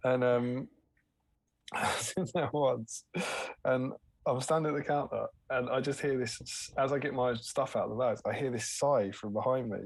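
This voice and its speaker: A man's voice: mid-range voice, fairly even intonation, moderate pace, no echo. Chatty man telling a funny story. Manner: storytelling, laughs often. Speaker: co-host. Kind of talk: casual chat on a livestream.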